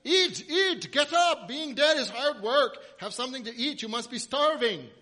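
A man voicing a fussing, doting man who loudly urges a girl to eat. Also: animated, normal speed, big-room sound, full character voice. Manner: loud, high, theatrical nagging.

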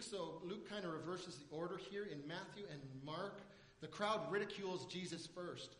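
Male pastor, high and bright, animated sermon delivery. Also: echoey room, big-room sound. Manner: animated storytelling preacher, builds to loud emphatic runs.

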